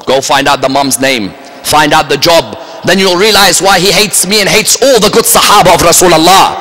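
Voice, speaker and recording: A man preaches in a bright, forceful voice that sits a little high for a man. He is emphatic and keeps tossing rhetorical questions at his listeners. The sound rings with the long reverb of a large hall. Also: moderate pace. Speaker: religious lecturer. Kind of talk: Muharram majlis sermon. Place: large religious center hall. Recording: echoey hall.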